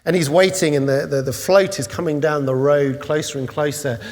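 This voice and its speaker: High-voiced male preacher in an echoing hall. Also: normal speed. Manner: animated storytelling, rising to excited peaks. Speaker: pastor. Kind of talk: sermon. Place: church.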